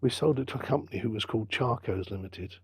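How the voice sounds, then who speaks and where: A middle-aged man, a business founder telling his story in an interview with lively quoted dialogue. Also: mid-range voice, fast, breathy edge, dry recording. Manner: chatty anecdotal storyteller, acts out quoted dialogue. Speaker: business founder and football club owner, guest.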